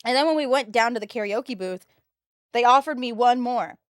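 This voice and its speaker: A woman's voice: fairly high pitch, moderate pace, no echo. Chatty young woman streamer. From United States. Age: 22, early 20s. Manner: animated, chatty storyteller, slangy. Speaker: livestreamer. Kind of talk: casual chat to stream viewers.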